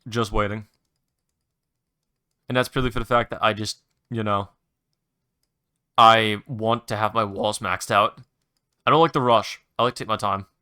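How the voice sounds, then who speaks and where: A young man talking casually on his own show, drifting from topic to topic with frequent restarts and the odd curse. His voice is bright and forward, and his pitch sits in an ordinary middle range. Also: clear, resonant tone. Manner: rambling, restarts, mild swearing, enthusiastic recommendations. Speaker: podcast host. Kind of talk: casual solo chat.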